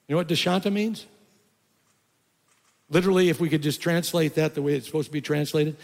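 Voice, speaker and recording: An older pastor delivers a sermon in a gravelly voice, now and then climbing into loud, high-pitched emphasis. His words ring out in a church sanctuary with a long, trailing reverb. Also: fairly quick, long pauses.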